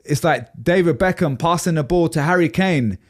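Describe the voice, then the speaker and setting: A man's voice: fairly high pitch, normal speed. A man co-hosting a podcast in casual chat, talking at length and laughing easily. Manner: chatty and rambling, laughs easily. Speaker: podcast co-host.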